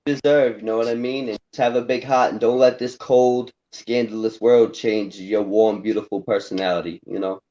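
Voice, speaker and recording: A man's voice: on the low side, steady tone, normal speed, few pauses, dark tone, dull audio. A man interviewing in a casual chat, laid-back and encouraging as he gives advice.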